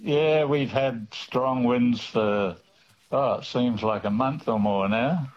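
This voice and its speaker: Man, radio caller, measured, friendly, average pitch, muffled phone line.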